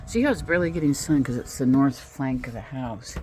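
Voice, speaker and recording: A woman's voice: a little fast, a little mellow, slight background noise. A woman vlogging casually from California, filming her home and garden on a phone and chatting in a rambling, talkative way. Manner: chatty, rambling, talks to pets in a high sing-song. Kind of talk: casual home tour chat. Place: home and garden, indoors and outdoors. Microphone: phone held while filming.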